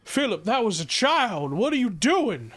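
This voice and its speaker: A man's voice: on the high side, moderate pace, lightly acted. A man doing a rattled man pleading urgently. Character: rattled grown man trying to calm things.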